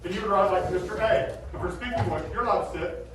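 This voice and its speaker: A man with a bass-baritone voice teaching a middle school choir class, animated and demonstrative, often checking that the students follow. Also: fast, a little hiss or hum. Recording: echoey room, voice from far off.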